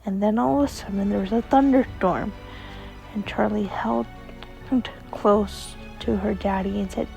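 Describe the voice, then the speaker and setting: A woman telling a bedtime story in a soft, unhurried way. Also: medium pitch, steady tone, vocal fry, faint music behind, rough recording.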